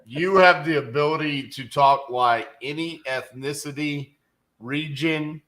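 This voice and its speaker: A man's voice: fairly high pitch, measured pace, fairly bright tone. A middle-aged man, co-hosting a casual livestream, joking, telling stories and greeting viewers. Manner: folksy, joking, storytelling. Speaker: co-host, real estate investor. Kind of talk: casual livestream chat reading viewer comments.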